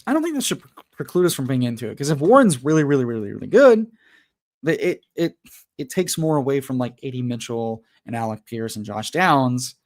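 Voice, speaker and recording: A male fantasy football livestream host with a mid-range, sing-song voice talks a little fast. He rants in a profane, exasperated way, then turns chatty with viewers in this casual stream.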